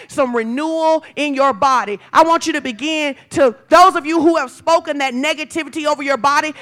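A woman pastor preaching a sermon, moving from chatty storytelling to loud, fervent declarations. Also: high voice.

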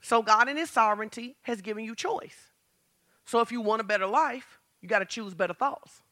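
A woman pastor preaching a lively sermon, asking the congregation questions and building to shouts. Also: fairly high pitch, normal speed. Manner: talks straight to the congregation with questions.

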